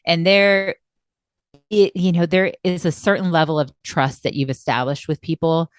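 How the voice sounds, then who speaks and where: Low-voiced woman coach, emphatic and intense. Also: steady tone, moderate pace, clear, resonant tone, dry recording, clean studio sound. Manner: intense, emphatic, laughs often. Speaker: podcast co-host and coach. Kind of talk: casual podcast conversation.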